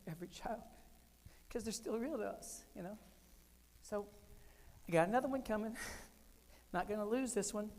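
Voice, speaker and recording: A man in his forties giving a keynote talk, telling comic, animated stories with sudden loud punchlines. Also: high-pitched. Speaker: keynote speaker. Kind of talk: storytelling keynote speech. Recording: long hall reverb.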